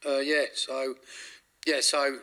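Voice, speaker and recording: Bright-voiced Englishman telling a rambling story. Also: medium pitch, flat delivery, slow pace. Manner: rambling, self-correcting, frequent restarts. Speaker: interview guest. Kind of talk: candid storytelling in an interview.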